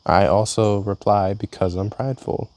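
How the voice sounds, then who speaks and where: A young man casually reading his personal journal aloud, telling a story with halting restarts. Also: fairly low pitch, steady tone, darkish tone, no echo. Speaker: vlogger.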